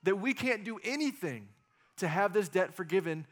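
A man preaching a sermon as pastor, animated, with jokey asides and acted-out quotes. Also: high-pitched, normal speed.

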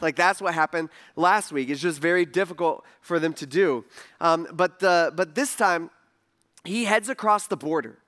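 A man's voice: fairly high pitch, normal speed, a bit bright. A man preaching a casual sermon in a conversational way, full of asides and rhetorical questions. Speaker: pastor.

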